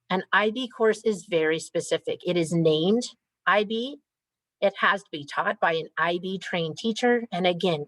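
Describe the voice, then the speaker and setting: A woman who coordinates a school program gives a clear, methodical and upbeat presentation to parents over a video call. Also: mid-range voice, no echo, low-quality recording.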